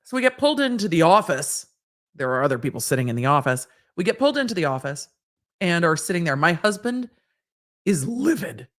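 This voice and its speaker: A woman's voice: on the low side, big pitch swings, fairly quick. A woman hosting a live stream, telling a personal anecdote in a wry, casual way with the odd swear. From Southern California.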